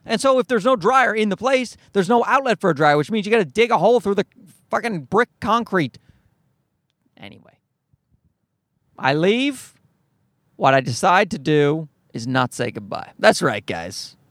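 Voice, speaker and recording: A man's voice: high-pitched, very animated, normal speed, long pauses, fairly bright tone, dry recording. A man telling a story to his viewers as a profane, exasperated rant. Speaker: vlogger. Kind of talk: ranting storytime.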